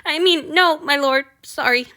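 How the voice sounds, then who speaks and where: A woman voicing a nervous, clumsy young male servant who squeaks, apologizes and babbles in a high, strained voice. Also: unhurried, pushed and bright, clean tone. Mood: flustered.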